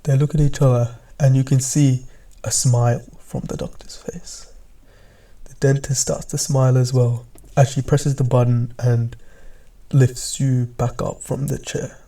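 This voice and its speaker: Dark-voiced man telling a storytime. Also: medium pitch, level tone, unhurried. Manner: drops into hushed, half-whispered asides. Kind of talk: casual second-person storytime.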